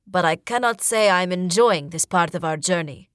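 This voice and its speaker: A woman's voice: on the low side, normal speed, clean tone, no echo, clean studio sound, natural voice. A woman reading an audiobook, voicing a loyal, protective male warrior companion who speaks formally and sternly. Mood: earnest.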